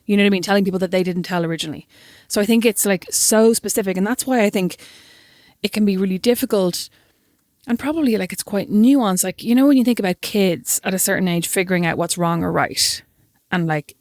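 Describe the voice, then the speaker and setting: A woman's voice: medium pitch, a little fast, darkish tone, dry recording, studio quality. A woman co-hosting a podcast in casual chat, laughing often and acting out what people said. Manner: chatty, laughs often, acts out quotes. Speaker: podcast co-host.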